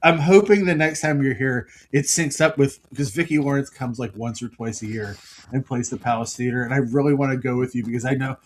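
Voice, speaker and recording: A man's voice: mid-range voice, fairly quick, a little hiss or hum, rough recording. Chatty middle-aged man telling stories. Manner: storytelling, mimics his father's outbursts. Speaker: podcast co-host. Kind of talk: casual chat.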